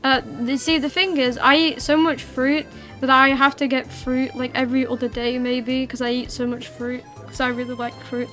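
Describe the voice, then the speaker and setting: A woman's voice: sits high, little pitch movement, normal speed, a bit bright, soft background music. A young woman hosting a livestream, chatting casually with her viewers in a rambling way full of fillers and restarts. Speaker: livestream host. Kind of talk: casual chat with viewers while streaming.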